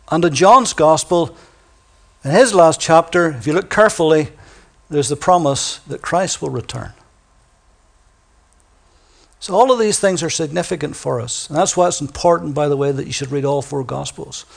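A man with a fairly high voice preaches a sermon in a church. He is emphatic and drags out the words he wants to land, and he drops soft and quiet when he reads scripture aloud. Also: creaky. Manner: emphatic, slows down to stress key words.

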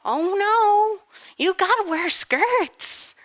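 A woman's voice: extremely high pitch, animated, very slow, voice pushed up, exaggerated voice. Woman putting on a chirpy bossy American lady. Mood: chirpy insistent. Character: cheery bossy American woman, a surgeon's wife.

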